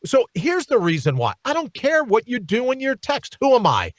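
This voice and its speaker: A man hosting a radio talk show, ranting in a sarcastic, animated way from a studio microphone. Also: very high voice, moderate pace, no echo.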